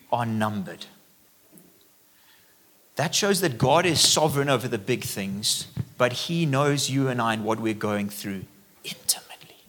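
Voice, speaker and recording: A man's voice: medium pitch, a bit bright. A middle-aged male pastor preaching a sermon in a conversational way, reading scripture aloud and adding casual asides.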